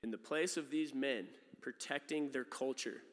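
A man preaching a sermon in a loose, conversational way, full of fillers and quick asides. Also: mid-range voice, long reverb tail. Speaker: pastor.

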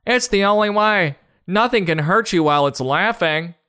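A perky young girl unicorn from a storybook, put on by a man in a squeaky falsetto, high and lively. She talks in a bossy, chirpy way. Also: normal speed, clean tone.

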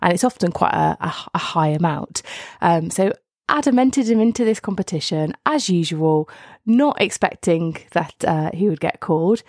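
A woman co-hosting a podcast, teasing in casual chat and then explaining things clearly. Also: fairly low pitch, expressive, normal speed, darkish tone, no echo, studio quality. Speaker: podcast co-host.

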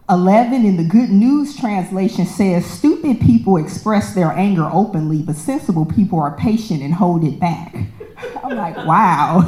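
A woman telling a personal story in a casual, lively way, acting out the voices of the people in it. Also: mid-range voice. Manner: animated, acts out quoted voices, laughs often. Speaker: storyteller sharing a personal testimony. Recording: echoey room.

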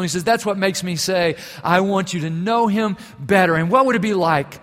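A man preaching a sermon with earnest emphasis. He swells louder on key phrases and drops soft when telling a story. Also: sits high, a little fast, hardly any pauses. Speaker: pastor. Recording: long hall reverb.

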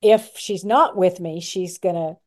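A woman hosting a podcast, chatting in a relaxed, easygoing way. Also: fairly low pitch, unhurried. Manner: chatty, relaxed, easily amused. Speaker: podcast host. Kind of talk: casual interview chat.

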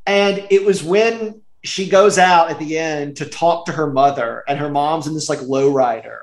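A man's voice: fairly high pitch, normal speed. Rambling man with roomy echo. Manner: rambling, filler-heavy, laughs often. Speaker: podcast co-host. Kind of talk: casual chat reviewing a movie.

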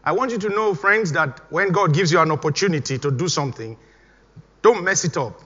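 A man's voice: fairly high pitch, lively intonation, brisk, bright, forceful tone. A middle-aged man from Nigeria, preaching a sermon as pastor, emphatic and repeating his exhortations. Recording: dull recording with long hall reverb.

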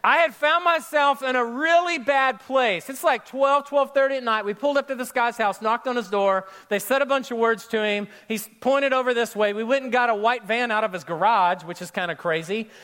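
A pastor with a notably high voice tells a story from the pulpit. He speaks straight to the congregation in a lively, storytelling way. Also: brisk, hardly any pauses, smooth. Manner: storytelling, animated, addresses crowd directly. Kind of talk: sermon with personal story.

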